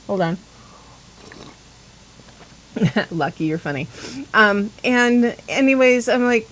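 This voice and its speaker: A woman hosting a pagan talk show, telling a rambling, animated story in casual chat and acting out the dialogue she quotes. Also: fairly high pitch, takes it slowly, pauses often, a little hiss or hum, low-quality recording.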